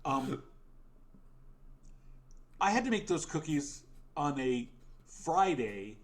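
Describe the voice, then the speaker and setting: A man's voice: a little high, big pitch swings, slow. A man chatting as a guest, rambling and hesitant, affectionate toward the hosts. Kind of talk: casual chat.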